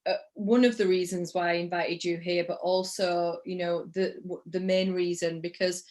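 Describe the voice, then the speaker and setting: A woman's voice: fairly low pitch, little pitch movement, moderate pace, a little mellow. Encouraging woman host on a live stream. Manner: enthusiastic, encouraging, spiritual in tone. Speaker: podcast host. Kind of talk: live-stream interview hosting.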